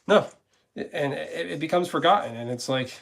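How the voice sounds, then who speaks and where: Blunt, cursing man with a higher voice. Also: moderate pace, gravelly, a bit bright. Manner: rambling and blunt, with frequent cursing. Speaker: gaming streamer. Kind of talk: casual live-stream chat with viewers.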